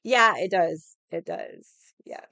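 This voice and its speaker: A woman's voice: fairly low pitch, sing-song, takes it slowly, gravelly, sharp tone, dry recording. A young woman telling a story in a chatty, casual way, laughing and swearing as she talks. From Hawaii. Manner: irritated, stubborn storyteller. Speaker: vlogger.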